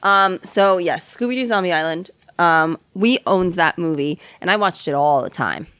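A woman's voice: lowish voice, animated, normal speed, a bit bright, no room sound. A young woman co-hosting a podcast in casual chat, wry and chatty. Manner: wry, chatty, laughs easily. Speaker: podcast co-host.

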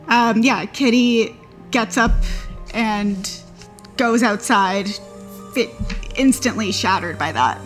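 Female player, hesitant and filler-heavy, quiet music behind. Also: on the high side, slow, pauses often. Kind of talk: casual tabletop play.

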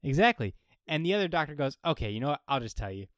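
A podcast co-host with a slightly high voice and a quick pace recaps a TV episode in a casual chat, animatedly acting out the characters' lines. The sound is clean studio audio with no echo.

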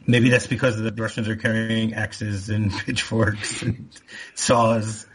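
A man's voice: lowish voice, level tone, slow pace, a little hiss or hum. A man co-hosting a podcast, rambling a little with frequent restarts. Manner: rambling, many restarts and laughs. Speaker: podcast co-host. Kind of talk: casual podcast chat.

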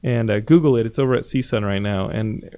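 A man hosting a podcast in casual chat, telling animated stories about movies and the people in them. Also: fairly low pitch, a little fast, smooth. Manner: excitable, animated storyteller. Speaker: podcast host. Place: Southern California. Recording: dull lo-fi podcast audio.

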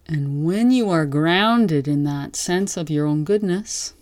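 A woman gives a dharma talk in a slow, gentle, reflective manner, letting long pauses hang between phrases. Her voice is low and mellow. The sound is close and dry. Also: no echo. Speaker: meditation teacher.

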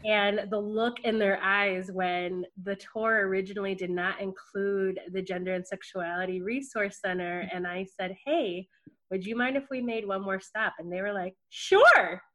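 A woman working in student affairs, giving an earnest, heartfelt tribute as a podcast guest, soft-spoken with many fillers. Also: medium pitch, steady tone, normal speed.

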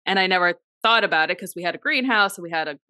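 A woman's voice: fairly low pitch, expressive, very fast, sharp tone, no echo, studio quality. A young woman co-hosting a podcast, telling stories in a laid-back way, swearing freely and saying "like" often. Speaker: podcast co-host. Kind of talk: casual storytelling chat.

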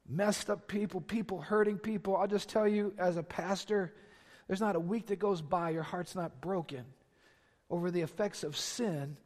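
A man preaching a sermon as pastor, with impassioned, emphatic repetition. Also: sits high. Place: large church sanctuary. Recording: long reverb of a large hall.

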